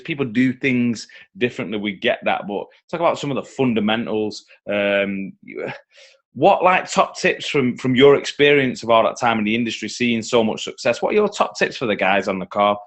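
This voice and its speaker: A man's voice: medium pitch, expressive, moderate pace, a bit bright. Easygoing male host asking questions. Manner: easygoing, rambling questions with fillers. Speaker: host of the training call. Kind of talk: casual interview questions.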